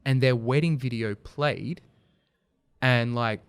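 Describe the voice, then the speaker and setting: Slow-paced and clean-toned, a medium-pitched man talks with no room sound as a guest on a podcast. He founded a video company and, in a casual interview, tells stories earnestly, growing animated over his points.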